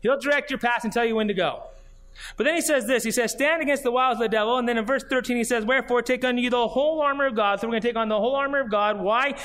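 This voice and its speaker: A man's voice: very high voice, very fast, a bit bright. A man, a pastor, preaching a sermon in an earnest way, reading scripture aloud and pressing his points with repeated questions. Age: adult, grew up and did junior high marching band.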